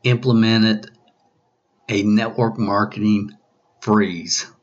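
A man's voice: lowish voice, little pitch movement, slow pace, lo-fi sound. A male coach hosting a podcast, asking his listeners question after question and often restarting his sentences. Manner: probing, repeats questions, many restarts. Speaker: business coach.

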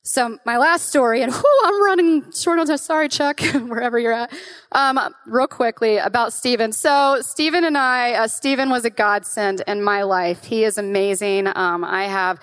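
A woman in her thirties giving an emotional personal testimony to a group, earnest and halting, with restarts and nervous laughs. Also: on the high side, a bit bright, clear, resonant tone. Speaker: guest speaker.

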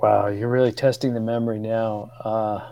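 A man in his fifties, a guest on a radio show, telling old stories with laughs and halting restarts. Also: fairly low pitch, flat delivery, warm tone, no echo. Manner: storytelling, laughs often, hesitant restarts. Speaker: guest, former radio co-producer. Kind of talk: casual radio chat.

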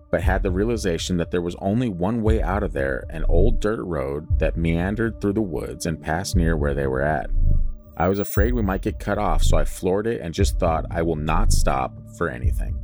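A man's voice: deep voice, a little mellow. A man on a podcast reading a listener's scary outdoor story aloud, breaking in with joking asides. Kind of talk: casual storytelling chat.

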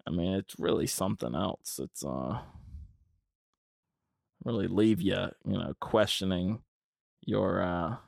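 A man's voice: on the low side, vocal fry, dry recording, clean studio sound. A young man hosting a casual podcast, rambling along with plenty of fillers and restarts. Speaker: podcast host.

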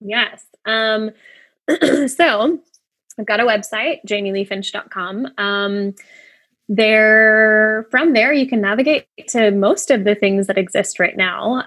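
A woman who writes books, a podcast guest speaking in a relaxed way with many pauses. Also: mid-range voice, no echo. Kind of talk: casual interview chat.

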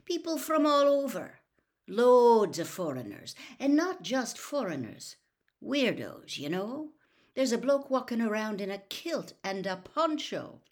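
A woman voicing a suspicious middle-aged male Muggle campsite keeper who talks curtly and slowly. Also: a little high, big pitch swings, pitched above the performer's own voice. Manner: blunt, curt, slow-spoken.

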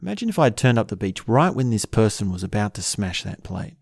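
Guy with a low gravelly voice talking slow and thoughtful, dry close sound. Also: no echo. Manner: calm, measured, thoughtful; musing with rhetorical questions. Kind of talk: reflective spoken talk.

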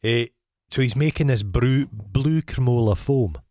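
A man's voice: mid-range voice, measured pace, mellow, no room sound, studio quality. A man co-hosting a casual film podcast, cracking crude jokes. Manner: jokey, crude asides. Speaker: podcast co-host.

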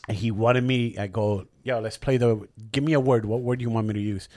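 A man's voice: on the low side, steady tone, fairly quick, darkish tone, dry recording. A man from Rico, co-hosting a podcast with crude, joking banter and bits of Spanish. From Puerto Rico. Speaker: podcast co-host. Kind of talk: casual chat. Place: podcast studio.

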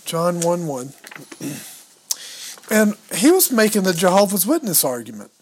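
A podcast co-host explains a Bible passage step by step in a casual teaching style, reading verses and Greek words aloud, stumbling over pronunciation, and thinking aloud as he looks through his books. His voice sits high with big pitch swings, unhurried, over a little hiss or hum.

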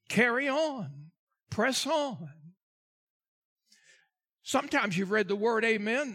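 High-voiced man preaching a sermon. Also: fairly bright tone. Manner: preaching with dramatic swells and drawn-out emphasis; addresses the congregation directly, asks for responses. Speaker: pastor.

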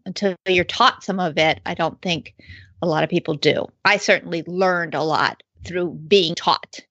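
Woman, lower voice, thoughtful casual chat, dry close sound, slightly lo-fi. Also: moderate pace, fairly bright tone, dry recording.

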